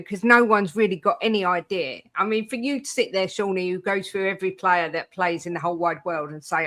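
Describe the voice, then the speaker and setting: A man's voice: sits high, sharp tone. A man in a casual football chat who rambles and repeats himself as he talks.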